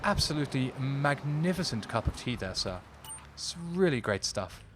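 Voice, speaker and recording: A man's voice: medium pitch, big pitch swings, normal speed, noisy background, lightly acted. A man voicing a pompous upper-class Englishman with an exaggerated posh English accent, plummy and over the top. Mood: gushing.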